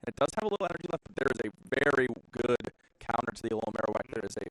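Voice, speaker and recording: A man's voice: medium pitch, expressive, very fast, fairly bright tone, dry recording, low-quality recording. A man casting a live game tournament, chatty and filling dead air while troubleshooting. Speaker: shoutcaster. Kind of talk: esports commentary.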